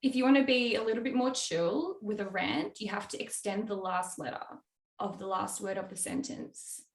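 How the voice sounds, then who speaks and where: A young woman talks casually about her music work in an interview. She is bubbly, laughs easily and fills her sentences with "like" and "um." Her voice sits at a middling pitch, with a noticeable roomy echo. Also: steady tone, moderate pace. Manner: bubbly, laughs often, many fillers. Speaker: music producer guest.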